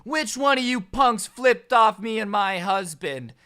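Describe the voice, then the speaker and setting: A man voicing a shrill, indignant middle-aged woman who screeches. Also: expressive, a little slow, sharp tone, smooth.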